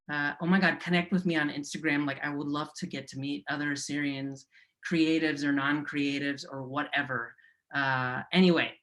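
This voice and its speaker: A man's voice: fairly high pitch, pushed and bright. A male stand-up comedian telling family stories in a rambling, chatty way. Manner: rambling, chatty, with fillers and laughs. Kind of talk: stand-up set.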